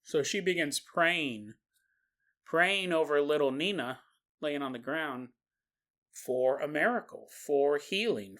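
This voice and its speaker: A man hosting a podcast who narrates a story in an animated way and acts out its characters. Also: fairly high pitch. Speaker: podcast host.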